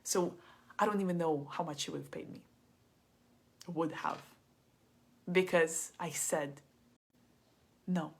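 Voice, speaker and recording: Woman coach rambling thru a story at a live class, lowish breathy voice, lots of "like". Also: steady tone, takes it slowly, long pauses. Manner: chatty, frequent "like" and "kinda". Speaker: business coach.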